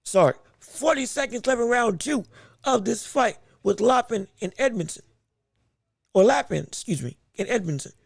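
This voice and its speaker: High-pitched gravelly man rambling about boxing. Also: expressive, moderate pace, dry recording, studio quality. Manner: rambling, self-correcting, stammering restarts. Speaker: podcast host. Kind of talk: live boxing commentary.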